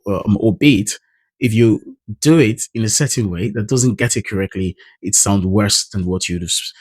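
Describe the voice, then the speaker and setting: Husky-voiced Nigerian man explaining accents. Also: on the low side, moderate pace, darkish tone, no room sound. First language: Idoma. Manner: thoughtful, explains with spoken pronunciation examples. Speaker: pronunciation coach. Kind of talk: casual explanatory talk to camera.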